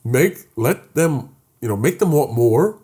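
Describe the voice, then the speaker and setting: A man's voice: medium pitch, unhurried, husky. A young man co-hosting a comedy podcast, telling mock-serious stories in casual chat. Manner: joking, deadpan mock-serious storytelling. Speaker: podcast co-host.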